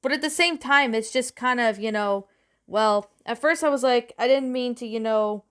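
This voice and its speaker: A woman's voice: fairly high pitch, moderate pace, fairly bright tone, smooth. Rambling woman reading a creepypasta. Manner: rambling, self-correcting. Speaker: story narrator and reviewer.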